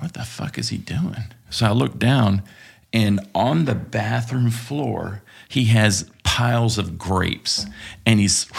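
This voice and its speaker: A man's voice: fairly low pitch, creaky. A man guest on a podcast, telling a story in a casual, profane, laughing way. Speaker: podcast guest, former contractor.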